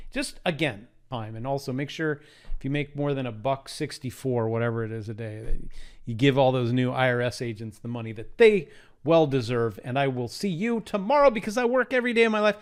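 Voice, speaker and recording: A man giving sarcastic market commentary, mocking the news he reads with exaggerated asides. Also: medium pitch.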